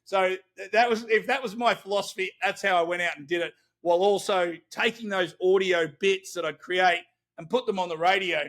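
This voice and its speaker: An Australian man tells stories with lots of energy and frequent laughs in a relaxed podcast conversation. His voice sits high and sounds bright. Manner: animated storytelling, laughs often. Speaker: guest, celebrity interviewer. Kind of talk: casual podcast chat.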